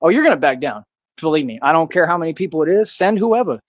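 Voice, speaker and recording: A man's voice: fairly high pitch, expressive, fast, no echo, muffled recording. An American man in a ranting monologue, defiant and boastful, confronting his critics and repeating himself as a self-styled vigilante. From United States.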